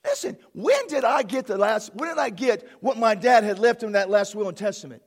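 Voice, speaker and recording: A male pastor preaches with fervour, breaking into excited shouts and exclamations. His voice sits very high and swings widely in pitch, with a husky, gravelly grain. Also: brisk. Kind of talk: fervent sermon. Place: church platform.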